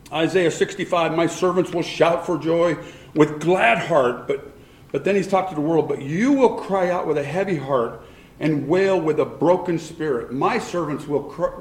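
A man preaching a sermon as pastor, animated and rising to loud, emphatic bursts. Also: on the high side. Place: church sanctuary. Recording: echoey church room.

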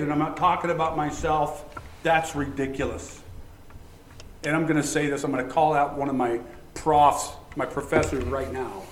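A man preaching a sermon as pastor, emphatic, swinging between loud lines and hushed ones. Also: fairly high pitch, slight background noise. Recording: echoey room with faint ambience.

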